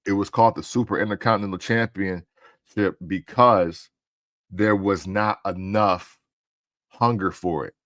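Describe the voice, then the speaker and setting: Male co-host, casual chat, excitable storyteller, dry close voice. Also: low-pitched, a little slow, no echo. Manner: excitable, animated storytelling with laughs. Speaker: podcast co-host.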